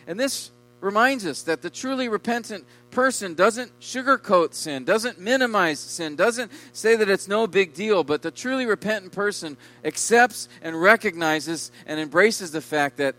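Emphatic preaching man, bright voice. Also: animated, a little slow, poor audio. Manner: emphatic preaching, swelling loud on key words and dropping low. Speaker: pastor. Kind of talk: sermon.

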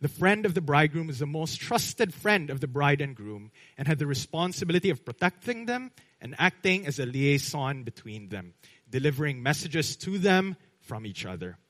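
A man with a Filipino accent preaching a sermon as pastor, pressing hard on key words, then letting phrases trail off softly and checking in with "right?". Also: fairly high pitch, big pitch swings, moderate pace, rough recording.

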